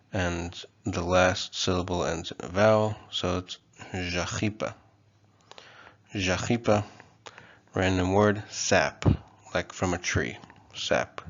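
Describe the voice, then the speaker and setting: A man giving a casual online language lesson, relaxed and hesitant, with frequent ums and okays. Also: deep voice, dull audio. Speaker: language teacher.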